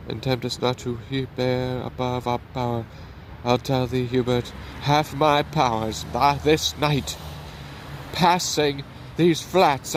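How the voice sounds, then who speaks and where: A man's voice: medium pitch, slight background noise, close to an everyday voice, low-quality recording. A man reading a blunt bold nobleman.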